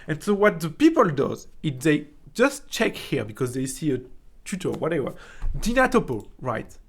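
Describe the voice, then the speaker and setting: French-accented man teaching 3D software. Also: a little high, sing-song, moderate pace, creaky, slightly rough. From France. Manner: chatty, frequent "right?" tags, many restarts. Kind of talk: casual screen-recorded software tutorial.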